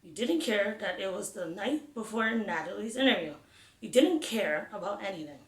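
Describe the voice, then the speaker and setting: Female reader voicing a calm middle-aged mother, low-key and soft, in an echoey room. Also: lightly acted. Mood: quietly calm. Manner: soft, quiet and measured. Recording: roomy echo.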